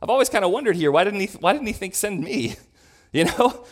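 A man's voice: sits high, animated. Man preaching in a thoughtful, conversational way. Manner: thoughtful, clears throat, pauses to correct himself. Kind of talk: conversational Bible teaching.

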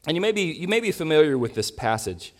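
A man teaching a Bible lesson to his congregation, talking it through thoughtfully, sometimes clearing his throat and correcting himself as he reads. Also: on the high side, sing-song, fast. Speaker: preacher.

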